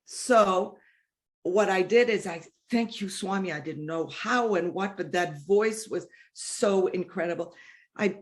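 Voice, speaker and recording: A woman from the United States sharing a personal spiritual testimony in an earnest, emotional way, often restarting her sentences and dropping into soft, hushed passages. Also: fairly low pitch, takes it slowly. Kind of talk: heartfelt personal testimony talk.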